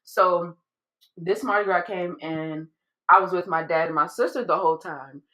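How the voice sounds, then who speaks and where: A woman's voice: lowish voice, normal speed, sharp tone, rough recording. A young woman who is a guest on a podcast, talking in casual chat in a candid and hesitant way, trailing off and repeating herself.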